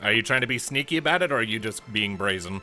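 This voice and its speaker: A man narrating a tabletop game as game master, in a relaxed, descriptive way. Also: fairly low pitch, fast talker, soft background music. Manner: relaxed, descriptive, laughs easily.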